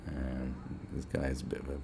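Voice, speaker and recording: Fast and gravelly, his voice rumbles low with a little hiss or hum behind it. The speaker is a young English podcast host who spins stories in a swearing, animated, casual rant, voicing quotes in a raised tone.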